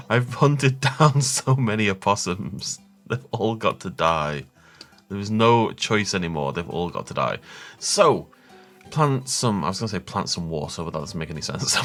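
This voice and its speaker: A man's voice: lowish voice, a bit bright. A man hosting a Minecraft let's-play, rambling and thinking aloud as he chats casually with his viewers. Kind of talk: casual gameplay commentary.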